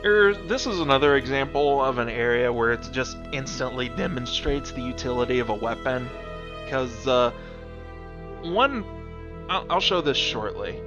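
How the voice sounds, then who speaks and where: A man's voice: medium pitch, expressive, normal speed, muffled recording, music in the background. A man who made the game, chatting casually on a stream and explaining its levels, with plenty of fillers. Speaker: game developer hosting a stream.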